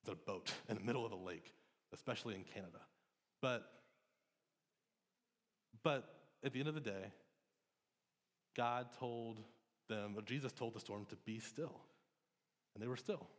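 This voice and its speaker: A pastor in his thirties with a lowish voice delivers a conversational, earnest sermon in a church sanctuary at a moderate pace, leaving long pauses. He frequently restarts and says um, and the hall's long reverb surrounds him.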